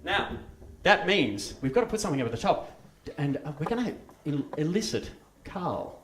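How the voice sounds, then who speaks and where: A man's voice: fairly high pitch, normal speed, soft background music. A man performing a playful comedy show, chatting with and leading a live audience. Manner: chatty, playful, lively and laughing. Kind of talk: live comic stage show with audience participation. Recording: echoey live stage recording with background noise.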